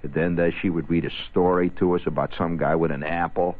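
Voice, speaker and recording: A man's voice: sits low, steady tone, a little fast. A man telling a comic story in a rambling, sardonic way, as a radio storyteller. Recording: tinny phone-like old radio audio.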